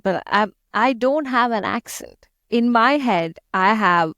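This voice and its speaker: A woman's voice: on the high side, slow, hardly any pauses, a bit bright, no room sound, clean studio sound. A young woman from India with an Indian accent, chatting as an interview guest, laughing often and using many fillers. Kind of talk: casual interview chat.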